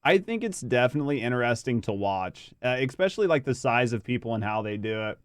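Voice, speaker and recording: Smooth-voiced man in casual reaction talk. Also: medium pitch, very animated, quick pace, dry recording, studio quality. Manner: rambling, swears freely, chats with viewers. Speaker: reaction streamer. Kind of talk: casual live reaction commentary.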